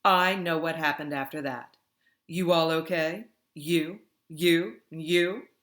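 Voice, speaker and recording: A woman voicing a brusque middle-aged female caretaker who speaks loudly in clipped phrases. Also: low-pitched, slow.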